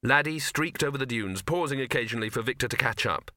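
A male audiobook narrator with a bright, forceful tone who tells the story expressively. His voice is close and dry, with no room around it. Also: mid-range voice, expressive, fast talker, dry recording. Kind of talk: scripted narration.

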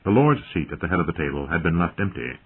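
A man narrates a story in a steady, dramatic way. His voice is very low and husky. The recording sounds thin, like a phone line. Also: fast talker. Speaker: audiobook narrator. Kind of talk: scripted narration.

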